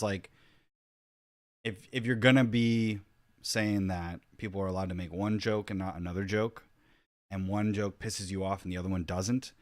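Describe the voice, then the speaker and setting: A man's voice: deep voice, no echo, studio quality. A man giving casual reaction commentary, rambling and restarting his sentences as he thinks aloud. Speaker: YouTube commentator.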